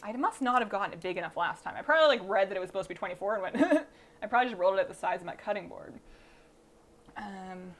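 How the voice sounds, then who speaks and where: A woman talks her way through a bake on a live stream, thinking aloud and joking about her own slip-ups. Her pitch sits in an ordinary middle range. A faint hum of room noise lies under her voice in the kitchen. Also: animated, fast. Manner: chatty, thinks aloud, self-deprecating. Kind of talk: casual live-stream chat. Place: home kitchen. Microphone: streaming mic through a mixer.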